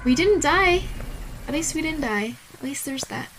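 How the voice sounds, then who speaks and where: High-voiced woman streaming a game. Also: expressive, normal speed, fairly bright tone, a little hiss or hum, poor audio. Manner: talks to herself, repeats questions aloud to the ghost; easily startled, swearing and gasping. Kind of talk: live game commentary.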